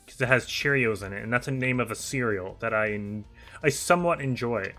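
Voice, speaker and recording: A young man chatting casually on a game livestream, reading viewer messages aloud, talkative and animated with frequent laughter. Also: mid-range voice, fairly quick, faint music behind. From United Kingdom. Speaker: streamer.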